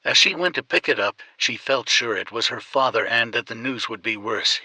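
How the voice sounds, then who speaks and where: Man narrating an audiobook, husky and bright. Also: medium pitch, dry recording, poor audio. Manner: steady, measured storytelling.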